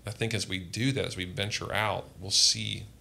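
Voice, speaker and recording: A man's voice: fairly low pitch, fairly even intonation, moderate pace, vocal fry, sharp tone, breathy edge. A man, a pastor, telling earnest personal testimony in a podcast conversation. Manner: earnest, impassioned storytelling.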